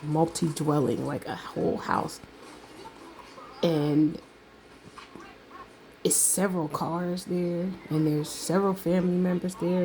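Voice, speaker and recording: A middle-aged woman telling a casual story about a delivery, animated, laughing and acting out the other voices. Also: lowish voice, gravelly, a little hiss or hum, low-quality recording. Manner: animated, laughs often, acts out quoted voices.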